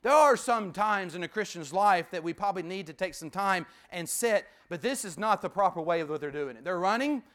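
High-voiced preacher. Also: male voice, animated, brisk, few pauses. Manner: emphatic, repeats key phrases, drops to a hushed voice. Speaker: pastor. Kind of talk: sermon.

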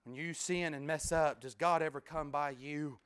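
A man preaching a sermon in a folksy, conversational way, swinging from loud emphatic bursts to hushed near-whispers. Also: on the high side, steady tone, moderate pace, clear, resonant tone. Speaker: pastor.

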